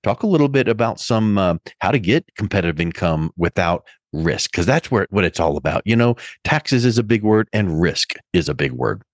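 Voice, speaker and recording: A man's voice: sits low, expressive, moderate pace, hardly any pauses, no echo, studio quality. A man hosting a business interview podcast, chatting casually and leaning on homespun analogies. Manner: conversational, uses analogies, some fillers. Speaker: host.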